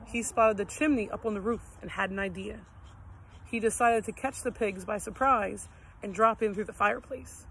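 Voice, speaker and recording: A woman reading a children's story aloud in a gentle, expressive read-aloud manner. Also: mid-range voice, moderate pace, slightly rough, poor audio.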